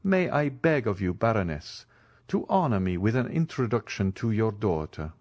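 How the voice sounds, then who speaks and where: Audiobook: man as a courteous, enigmatic nobleman, measured, dry read. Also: lowish voice, big pitch swings, darkish tone, dry recording. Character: courtly, mysterious wealthy count.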